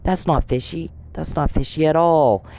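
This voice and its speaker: Speaking at a moderate pace in a deep voice, a channel host addresses the person she blames in an angry, accusatory rant full of profanity, hurling the same insults again and again. The background is noisy.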